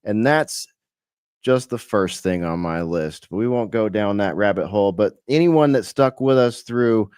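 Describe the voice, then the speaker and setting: A man's voice: on the low side, expressive, a little slow, a little mellow, clear, resonant tone, no echo, studio quality. A man from California hosting a live-streamed radio show, rambling casually with lots of fillers and the odd swear.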